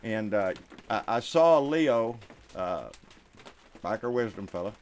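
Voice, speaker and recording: A middle-aged man with a Texan accent hosting a live stream political rant, folksy, with quiet asides and loud outbursts. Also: lowish voice, animated, slow, slight background noise.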